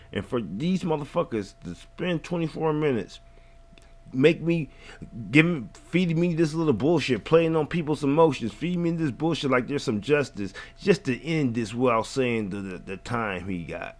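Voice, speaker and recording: A man hosting a reaction video, ranting in heated, profane, rambling casual commentary. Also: medium pitch.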